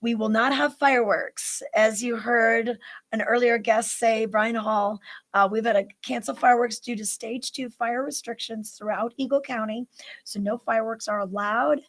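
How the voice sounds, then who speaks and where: A woman's voice: fairly high pitch, fairly even intonation, moderate pace, low-quality recording. Chatty upbeat woman host. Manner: chatty, upbeat, reads event listings with fillers. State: out of breath. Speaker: news show host. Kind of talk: casual live news show chat.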